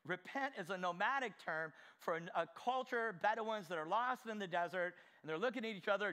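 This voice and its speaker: A male pastor delivering a fervent sermon, his voice pitched high for a man with a bright, forceful edge. He fires direct questions at the congregation. He swings from quiet asides to shouted exclamations. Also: animated, brisk, hardly any pauses, clear, resonant tone.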